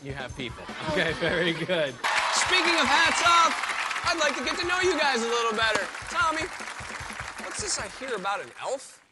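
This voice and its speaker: Lively, teasing game show host man. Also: extremely high pitch, brisk, over a noisy crowd, heavy background noise. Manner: playful, teasing with deadpan jokes. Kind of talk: quick interviews with contestants on a TV game show. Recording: loud game show music behind.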